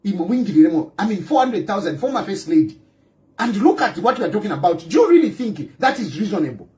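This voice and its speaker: Zambian male commentator, very animated delivery, repetitive and emphatic, heavy on rhetorical questions. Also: sits high, fast. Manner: emphatic, repeats phrases, fires rhetorical questions; mixes in local-language phrases. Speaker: political commentator. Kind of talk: ranting monologue.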